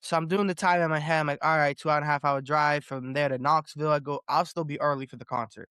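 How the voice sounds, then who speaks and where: Man, podcast host, slightly high voice, excitable storytelling, dry close sound. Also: fast, smooth, no echo. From Boston area. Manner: animated storytelling, swears freely, repeats words. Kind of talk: casual podcast chat.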